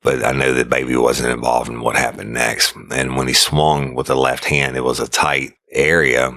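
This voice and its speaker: A middle-aged man with an extremely low voice that is full of gravelly fry. He tells true-crime stories casually and vividly, and his tone cuts through despite the depth. The recording is close and completely dry. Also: level tone, normal speed, sharp tone, dry recording. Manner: casual, vivid storytelling, acts out radio calls. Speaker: podcast host and former sheriff's deputy.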